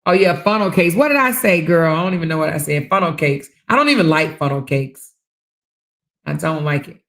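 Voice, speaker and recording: Lady chatting on a livestream, gravelly voice, loud storytelling, cusses a lot, echoey room. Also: deep voice, fairly quick. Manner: chatty, loud and animated when telling stories, swears freely. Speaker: livestream host reading viewer chat. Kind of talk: casual chat.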